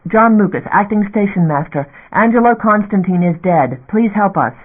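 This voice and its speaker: Frantic station master, read by a man, strained shouting and pleading, tinny phone-like audiobook sound. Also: high voice, lively intonation, moderate pace, pitched above the performer's own voice. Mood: desperate. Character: desperate male station master under siege.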